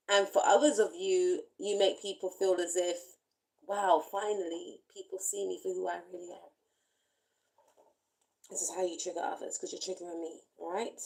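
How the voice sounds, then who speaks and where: A woman giving a spiritual tarot card reading, speaking in gentle, reflective, loosely repeating phrases. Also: medium pitch, rough recording. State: briefly emotional. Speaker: tarot reader.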